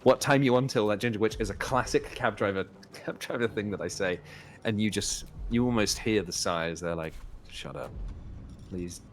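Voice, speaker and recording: A man's voice: on the low side, a little fast, a little hiss or hum. A man with a British accent, chatting and joking as a guest while playing a co-op game. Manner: chatty, joking, rambling asides. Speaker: co-op guest streamer. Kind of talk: casual gaming chat. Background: game music.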